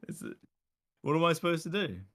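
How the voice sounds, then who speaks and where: A young Australian man hosting a casual streamed chat, animated and jokey, laughing often. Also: a little high, a little fast, creaky. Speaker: streamer host.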